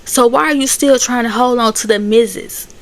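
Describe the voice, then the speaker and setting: A woman's voice: on the high side, normal speed. A woman giving a sassy, chatty casual recap of TV episodes. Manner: sassy, chatty, laughs at the drama. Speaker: recap host.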